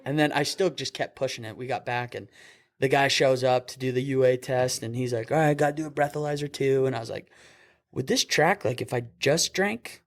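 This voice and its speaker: A young man, an EMT and podcast host, telling a story with lively acted-out quotes and frequent laughter. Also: mid-range voice. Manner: animated storyteller, acts out quotes, laughs often. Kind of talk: casual storytelling chat.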